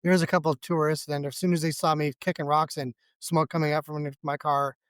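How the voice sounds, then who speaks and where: Male podcast guest, slightly high-pitched, rambling and self-deprecating, dry studio sound. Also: little pitch movement, quick pace, clean tone, dry recording. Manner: rambling, self-deprecating, many fillers and restarts. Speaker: podcast guest telling a story. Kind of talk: casual storytelling.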